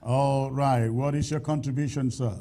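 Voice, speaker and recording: A man hosting a call-in show, speaking deliberately and repeating his words as he takes callers. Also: mid-range voice, steady tone, mellow, a little hiss or hum. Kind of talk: call-in radio talk.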